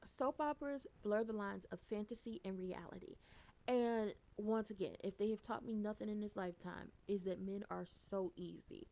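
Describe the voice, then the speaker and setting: Gravelly woman ranting a recap. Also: medium pitch, moderate pace. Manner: animated, blunt and profane, swings loud for emphasis. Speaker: soap opera recapper. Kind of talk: casual commentary recap.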